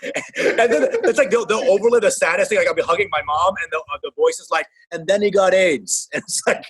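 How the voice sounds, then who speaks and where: Brief: young male comedian, husky and high-pitched, loose jokey podcast banter. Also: animated, quick pace, fairly bright tone. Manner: joking, laughing, riffing on bits.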